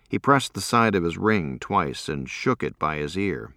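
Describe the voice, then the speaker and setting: A man with a low voice narrates a story in the first person. His delivery is even and matter-of-fact. The recording is dry and close, with no room sound. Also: measured pace, hardly any pauses, no room sound. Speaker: audiobook narrator.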